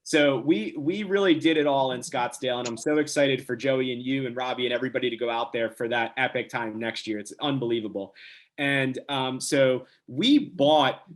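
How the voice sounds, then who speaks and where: A young man from New Jersey, a podcast guest telling a casual story with lively, quick restarts. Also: medium pitch. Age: young adult.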